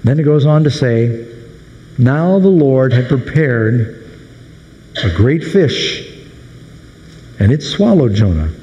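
Male pastor, sermon delivery, animated storyteller, long reverb of a big room. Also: medium pitch, slow pace, pauses often, muffled recording, slight background noise. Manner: animated storytelling, acting out the sailors' panicked questions.

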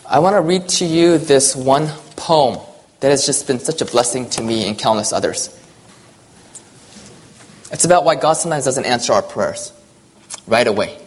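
An earnest preacher giving a personal sermon, moving between urgent, rising lines and hushed, quiet ones. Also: medium pitch, moderate pace, long pauses.

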